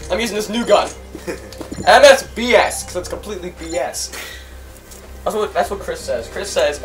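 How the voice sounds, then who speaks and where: A man giving excited gameplay commentary, yelling and laughing at the game as host. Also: high-pitched, moderate pace, pauses often, soft background music. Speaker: gaming channel host. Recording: distant mic with clear background noise.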